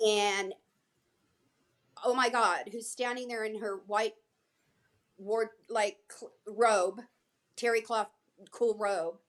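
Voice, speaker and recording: A woman's voice: mid-range voice, steady tone, slow, long pauses. A middle-aged woman who is an actress and a guest, telling stories in casual chat and acting out the voices of the people she quotes.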